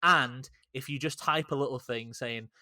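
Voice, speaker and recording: A man's voice: mid-range voice, normal speed, no echo, studio quality. A man co-hosting a podcast in loose, sweary banter, acting out silly voices as he tells jokes. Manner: animated, swears freely, acts out silly voices. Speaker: podcast co-host. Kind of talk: casual banter.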